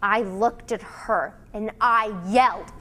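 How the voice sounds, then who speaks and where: A woman giving a dramatic solo performance of a novel's excerpts, with a slow, deliberate and emotionally charged delivery. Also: mid-range voice, fairly even intonation, bright, forceful tone, a little hiss or hum.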